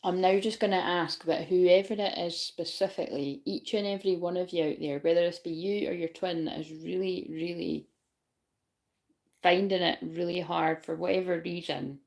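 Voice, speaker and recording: A woman's voice: lowish voice, fairly even intonation, moderate pace, a little mellow. A woman giving a casual, rambling spiritual reading to viewers. She swears freely, laughs often and keeps asking whether they know what she means. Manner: laughs often while talking. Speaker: spiritual reader.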